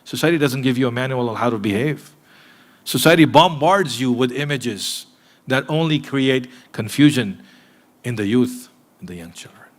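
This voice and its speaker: A man preaching a sermon in a mosque, earnest and direct with his listeners, moving between emphatic points and hushed asides. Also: medium pitch, animated, normal speed. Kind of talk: sermon to a live congregation.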